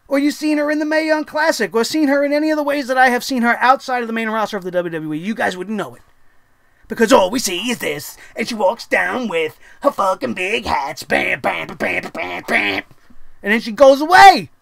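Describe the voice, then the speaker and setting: A wrestling show host tears into the latest episode in a profane, sarcastic rant. The voice sits at a middling pitch. The sound is dry and close, with no room around it. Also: animated, fairly quick, vocal fry, no echo. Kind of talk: ranting wrestling review.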